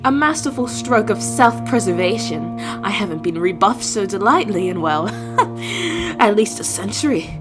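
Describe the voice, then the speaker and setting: A woman's voice: mid-range voice, lively intonation, normal speed, natural voice. A woman voicing a flamboyant immortal male jester in a game, with a British accent and a theatrical, mock-courtly manner, over game music. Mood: amused. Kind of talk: voicing a visual novel character.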